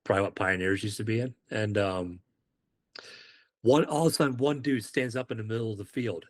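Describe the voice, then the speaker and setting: A man's voice: on the low side, brisk. A man from the United Kingdom, a former Marine on a podcast, telling stories casually and acting out the dialogue. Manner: animated, acts out quoted dialogue. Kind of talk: casual storytelling.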